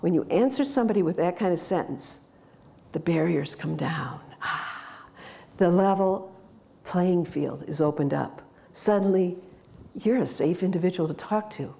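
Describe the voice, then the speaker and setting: Low-voiced woman giving a brisk conference talk. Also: lively intonation, creaky, mellow. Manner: brisk, instructive, upbeat. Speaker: conference speaker. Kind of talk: presentation talk. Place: conference in Aspen, Colorado.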